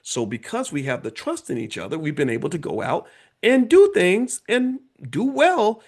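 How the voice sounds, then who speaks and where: A man hosting his own channel, giving motivational economic commentary in an emphatic, repetitive way, often checking in with "right?" and jumping up in pitch to stress a point. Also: normal speed. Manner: animated, swinging up in pitch for emphasis.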